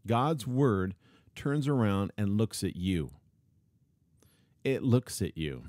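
Man, preacher, sermon teaching, emphatic, repetitive, lowish pitch, dry recording. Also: very animated, slow pace, a little mellow, no echo. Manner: emphatic, repeats key phrases, reads scripture aloud.

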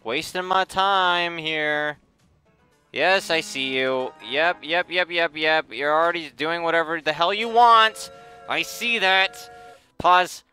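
A man's voice: a little high, lively intonation, measured pace, sharp tone, clean tone, soft background music. A young man giving exasperated, sarcastic let's play commentary, muttering at the game as he plays. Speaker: gaming channel host.

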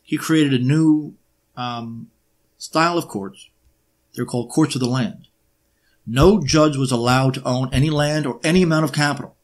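A man presenting an unscripted history monologue, emphatic and sarcastic, often pausing on uh and um while he builds his points. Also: medium pitch. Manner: emphatic, with sarcastic rhetorical questions; frequent hesitations with uh and um.

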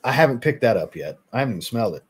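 A man hosting a casual livestream, reading viewer comments aloud and answering them in a relaxed way. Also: medium pitch, very fast, husky. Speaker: fragrance livestream host.

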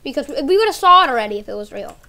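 A woman with a very high, bright, lively voice acts out an improvised home movie. She rambles and repeats herself in a hushed, uneasy tone. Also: racing.

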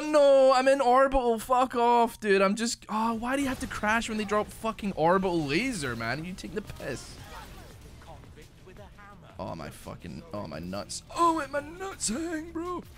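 A man streaming a video game in casual chat, excitable and sweary, breaking into shouts and laughter. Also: sits high, unhurried, pauses often. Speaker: gaming streamer. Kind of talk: casual live-stream chat over gameplay. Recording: faint music behind.

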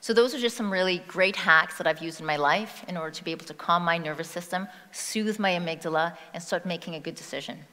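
Talking fast with hardly any pauses, a woman with a fairly low, pushed and bright voice gives a motivational talk from a large hall's stage at a personal-growth conference. She chats conversationally and questions the audience, and long reverb fills the recording.

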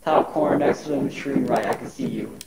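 A man's voice: mid-range voice, brisk, over a noisy crowd, close to an everyday voice. A man playing a teasing snoop in a roomy space. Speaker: roleplay player. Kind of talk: casual Minecraft roleplay.

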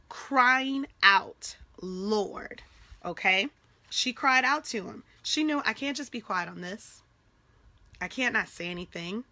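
A woman's voice: mid-range voice, bright, forceful tone, no room sound. A woman leading a devotional Bible study, conversational and encouraging, often stopping to check in with an "okay?" and restarting her phrases as she thinks aloud.

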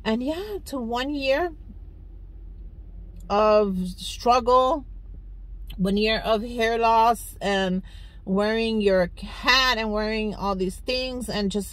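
Woman vlogger, casual, heartfelt and rambling, mid pitch. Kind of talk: casual chat to viewers. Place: on her way to work.

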